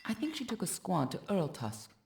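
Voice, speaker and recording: Serious southern english questgiver, measured and formal, low and gravelly. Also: female voice, wildly swooping pitch, a little mellow, a little hiss or hum, exaggerated voice. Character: solemn, loyal female quest-giver. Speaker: game character. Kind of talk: video game voice acting.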